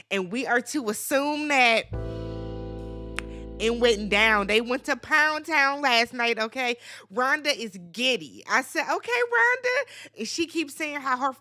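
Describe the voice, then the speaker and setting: Woman, high pitch, bright tone, animated sassy recap host. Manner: animated, sassy, laughing asides, swears freely. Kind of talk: casual reality TV recap.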